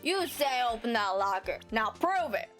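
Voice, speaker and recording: Brash game sheriff with a lazy drawl, read by a woman, bright high-ish tone. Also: sing-song, soft background music. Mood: stubborn. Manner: slow drawl. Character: drawling cowboy sheriff man, brash and stubborn.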